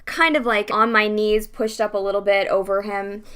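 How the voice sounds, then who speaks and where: Bright-voiced woman telling a blunt story. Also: medium pitch, normal speed, clean tone. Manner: animated, acts out the dialogue of her story; blunt, swears freely. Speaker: podcast host. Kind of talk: casual storytelling.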